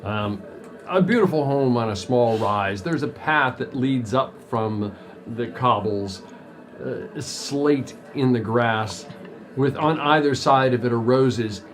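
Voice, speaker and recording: A man narrating a tabletop role-playing game as game master, describing scenes calmly with pauses. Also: mid-range voice.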